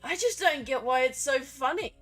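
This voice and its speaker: A woman's voice: high voice, lively intonation, moderate pace, a bit bright, faint music behind. A woman hosting a casual online chat, playful and teasing, swearing freely. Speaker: host.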